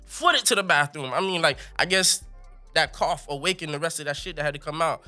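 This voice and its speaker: A young man telling a funny story as a podcast guest, animated and laughing, with colorful slang. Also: fairly high pitch, fast talker, soft background music. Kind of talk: comic storytelling.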